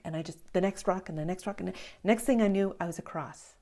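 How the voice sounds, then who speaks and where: A middle-aged woman meditation teacher giving an evening talk, telling stories slowly and reflectively, with soft hushed asides. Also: fairly low pitch.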